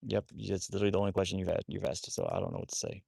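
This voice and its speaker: A man's voice: low-pitched, huge pitch swings, racing, vocal fry, warm tone, breathy edge, dry recording, clean studio sound. A man hosting a casual livestream about rescuing wolfdogs, rambling with many restarts while he talks to his dogs.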